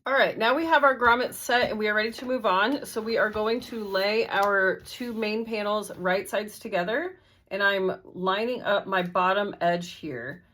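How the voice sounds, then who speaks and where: A woman's voice: medium pitch, normal speed, fairly bright tone. A woman walking through a sewing tutorial step by step, in a friendly, methodical, casual way. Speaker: sewing instructor.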